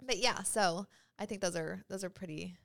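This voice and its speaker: A woman's voice: mid-range voice, normal speed, creaky, fairly bright tone, no room sound, studio quality. A young adult woman co-hosting a podcast in casual, laughing chat, swearing freely. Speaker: podcast co-host.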